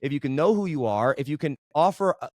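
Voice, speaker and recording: A fast-talking man with a slightly high voice tells his story as a podcast guest. He is animated and keeps checking in with his listener. The recording is close and dry. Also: no room sound. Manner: animated, keeps asking "right?". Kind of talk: casual interview storytelling.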